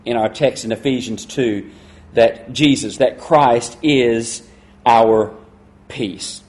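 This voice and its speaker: Middle-aged male pastor, emphatic sermon delivery, mid-range voice, hushed stress on key words. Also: mid-range voice. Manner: emphatic, slows and drops to a hush on key words.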